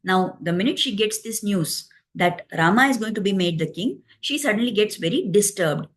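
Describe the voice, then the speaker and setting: A woman retells an epic in a devotional talk. She explains each step patiently, dropping in "you know" as she goes. Her voice sits at a middling pitch. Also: expressive, moderate pace. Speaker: religious storyteller.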